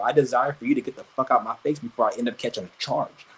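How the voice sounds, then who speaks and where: Man, livestream rant, crude, combative, very husky, middle pitch, stuttered restarts. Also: quick pace, hardly any pauses, low-quality recording.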